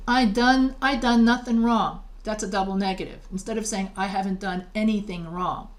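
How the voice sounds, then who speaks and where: A middle-aged woman from New York lecturing on writing in a video lesson, with a voice of ordinary pitch for a woman. She talks in a loose, conversational way, reading out textbook examples and then explaining them plainly. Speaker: writing teacher.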